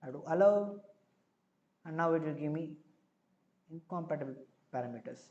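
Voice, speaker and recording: A man's voice: a little high, animated, moderate pace, darkish tone, highs cut off. Indian man thinking aloud while coding. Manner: thinks aloud step by step, with frequent filler words. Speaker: live-coding streamer. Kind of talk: live coding tutorial.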